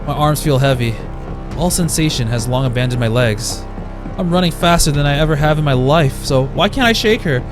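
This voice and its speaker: This let's play streamer has a slightly high voice and talks fairly quickly. He reads a visual novel aloud dramatically, breaking off to laugh and react as game music plays behind him.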